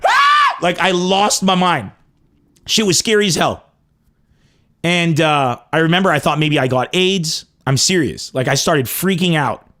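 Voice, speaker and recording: A man from Lebanon telling a crude comic story with animated, profane emphasis. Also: on the high side, unhurried. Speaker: comedian host. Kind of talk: comedic storytelling.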